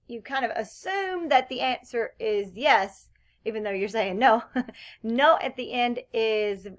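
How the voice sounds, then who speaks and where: A woman's voice: on the high side, fairly bright tone. Woman teaching Spanish questions. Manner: explanatory, models Spanish phrases with question inflection. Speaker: Spanish instructor. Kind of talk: recorded lecture.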